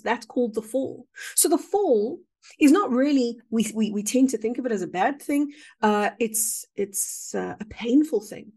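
A woman with a fairly high voice talks as a podcast guest. Her delivery is earnest and expressive, and her pace speeds up and slows down as she makes her points. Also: husky. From South Africa. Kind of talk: spiritual conversation.

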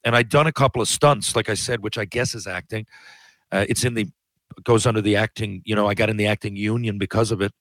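A man's voice: lowish voice, fairly even intonation, fast, a bit bright, dry recording, rough recording. A man telling long, rambling anecdotes in a casual chat, often restarting his sentences. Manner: rambling, self-interrupting anecdotes. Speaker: podcast guest. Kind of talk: casual storytelling.

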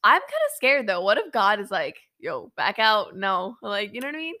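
Young woman, podcast co-host, casual storytelling, animated, laughs a lot. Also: mid-range voice, moderate pace. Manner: chatty, animated, laughs often.

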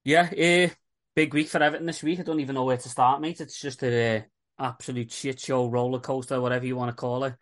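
Scouse bloke hosting a footy pod, blunt and chatty, swears a fair bit, mid-pitch voice. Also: male voice, steady tone, quick pace, fairly bright tone. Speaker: podcast host. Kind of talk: casual football chat.

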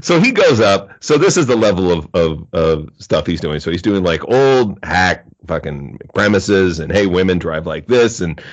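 A man's voice: sits low, lively intonation, moderate pace, hardly any pauses, dull audio. A man co-hosting a comedy podcast, telling stories in casual chat and acting out the voices of people he quotes. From Canada. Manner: storytelling, acts out quoted voices. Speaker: podcast co-host.

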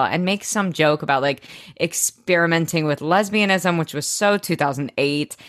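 Casting: young woman, lowish voice, chatty podcast co-host, dry close sound. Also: normal speed, hardly any pauses, fairly bright tone, dry recording. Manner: chatty, swears casually, bursts into impressions. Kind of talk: casual chat recapping a TV show.

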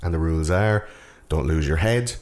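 A man's voice: extremely low pitch, moderate pace, a little mellow. A man, chatting casually about a film, swearing often and rambling. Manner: sweary, rambling, acts out movie lines in silly voices. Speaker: podcast co-host.

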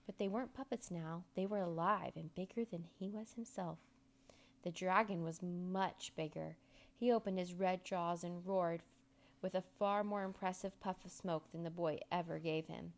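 A woman narrating a children's storybook aloud in an expressive, measured way. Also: lowish voice.

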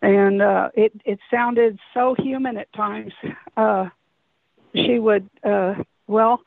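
A woman's voice: medium pitch, steady tone, slow pace, gravelly, dry recording. A woman calling in to tell a long story, hesitant and rambling with many restarts, heard over a telephone. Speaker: caller recounting an encounter. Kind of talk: phone-in storytelling. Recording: tinny dry phone line.

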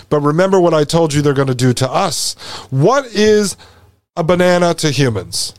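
A man's voice: fairly high pitch, brisk, clear, resonant tone, dry recording. A man hosting a podcast, commenting over a video he is playing, emphatic and repetitive, with sarcastic asides. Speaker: podcast host.

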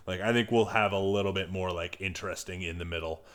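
Male co-host, very low voice with a bright bite, rambling casual analysis. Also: fast. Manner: rambling, hedging with fillers, jumps in pitch when excited. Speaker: podcast co-host. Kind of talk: casual sports chat.

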